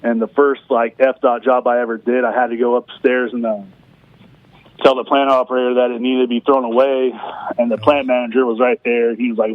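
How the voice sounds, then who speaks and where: A man's voice: mid-range voice, flat delivery, a little fast, dry recording. A man calling in as a guest, easygoing, telling a work story in casual talk. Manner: easygoing, says yeah a lot. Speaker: phone-in guest. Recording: tinny phone line.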